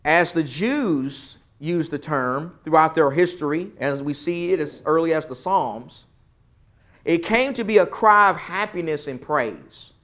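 A man leading a Bible study lesson, quizzing the class and swinging from loud emphasis to quiet, soft remarks. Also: a little high, animated, measured pace. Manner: questions the class, swells loud then drops soft for emphasis.

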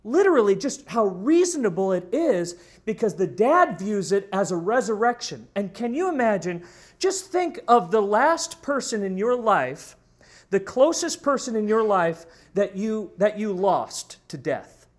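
High-voiced, animated male preacher. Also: a little slow. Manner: animated, emphatic, storytelling. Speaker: pastor. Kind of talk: sermon.

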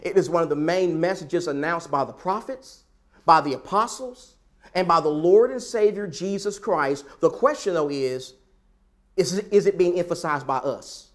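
A man's voice: fairly high pitch, moderate pace. A man preaching a sermon, emphatic and repetitive, building his points with rhetorical questions.

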